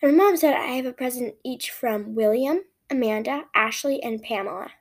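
A woman's voice: on the high side, normal speed. A woman hosting a podcast, reading her own story aloud expressively, with frequent restarts.

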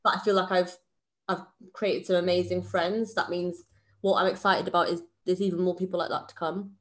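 A woman around thirty, co-hosting a podcast in casual chat and telling lively stories. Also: lowish voice, fairly quick. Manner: chatty storyteller, animated when telling anecdotes. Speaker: podcast co-host.

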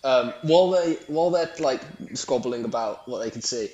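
A man's voice: mid-range voice, animated, normal speed, mellow, lo-fi sound. A man playing a tabletop game, speaking hesitantly with many fillers. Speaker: player. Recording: echoey room with faint noise.

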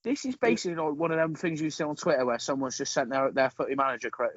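A man chatting about a film on a podcast, incredulous and animated, swearing casually. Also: a little high, quick pace, few pauses, muffled recording.

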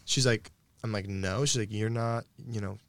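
A man's voice: on the low side, steady tone, moderate pace, dry recording, clean studio sound. A young man in casual conversation, animatedly telling a story and acting out the quoted dialogue, laughing often.

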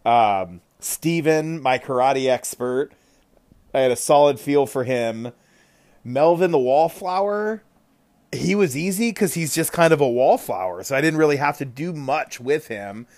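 Animated man chatting on a podcast. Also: mid-range voice, measured pace. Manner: animated, with frequent fillers and exclamations. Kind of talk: casual chat.

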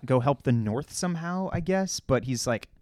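A man's voice: mid-range voice, lively intonation, moderate pace, a little mellow, no echo. A man co-hosting a podcast, talking about a TV episode in a laid-back, slangy way. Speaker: podcast co-host. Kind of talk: casual chat about a TV episode.

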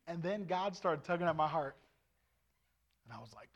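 A middle-aged man preaching his testimony as an evangelist, animated and swinging from loud to hushed. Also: on the high side, quick pace. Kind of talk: testimony sermon.

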